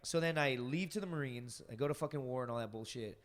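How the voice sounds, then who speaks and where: A man's voice: mid-range voice, quick pace, in a large hall. A man telling stories as a podcast guest, rambling and profane, full of fillers. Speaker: podcast guest, stand-up comic. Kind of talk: casual storytelling on a podcast.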